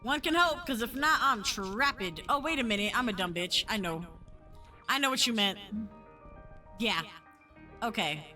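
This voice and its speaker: A woman streaming a game, excitable and swearing, with loud outbursts and giggles, saying she is high. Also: unhurried, pauses often, faint music behind. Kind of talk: casual gameplay streaming.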